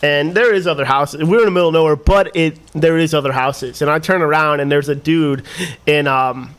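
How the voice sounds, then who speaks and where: A man's voice: a little high, steady tone, fairly quick, fairly bright tone, smooth. Laid-back young man telling a story. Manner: rambling, laughing, swears freely. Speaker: podcast guest. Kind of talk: casual storytelling.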